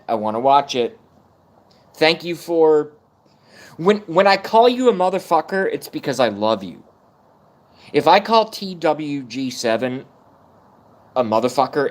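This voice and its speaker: A middle-aged man ranting casually on a livestream, rambling and swearing while chatting with viewers. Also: mid-range voice. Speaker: livestream host.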